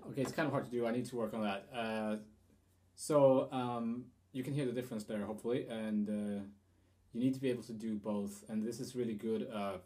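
A man's voice: on the low side, steady tone, fairly quick, warm tone. A man giving a guitar lesson, explaining rhythm in a hesitant way with fillers and restarts. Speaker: guitar teacher.

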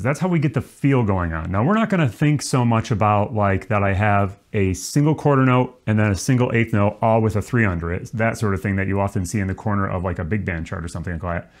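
A man teaching trombone, explaining swing feel in a relaxed, demonstrative way. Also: lowish voice. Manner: relaxed, demonstrative, counts off and sings rhythm syllables. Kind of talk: music lesson.

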